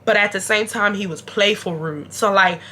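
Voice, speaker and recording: Speaking at a moderate pace in a medium-pitched, bright and forward voice, a young woman shares a casual storytime directly with her YouTube viewers. She stays chatty and animated, addressing them as y'all, despite being sick and feeling unwell.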